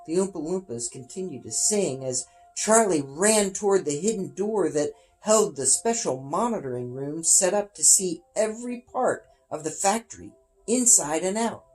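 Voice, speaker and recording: Slow, expressive storybook reader, male, faint music behind. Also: on the high side, poor audio. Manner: dramatic, expressive reading. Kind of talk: storybook reading.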